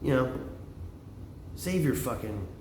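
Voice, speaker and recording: A middle-aged man rambling in a profane, excitable vlog monologue, jumping from topic to topic. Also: medium pitch, slow pace, echoey room, a little hiss or hum. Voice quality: extroverted and excitable. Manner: animated, swearing, jumps between topics. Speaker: vlogger.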